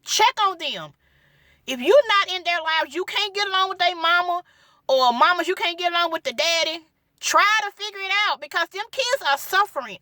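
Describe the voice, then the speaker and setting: Earnest high-voiced woman giving a testimony. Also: bright, forceful tone, no room sound. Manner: pleading, repeats phrases for emphasis, Southern Black church cadence. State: tearful at times. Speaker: gospel singer sharing her testimony. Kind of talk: emotional personal testimony.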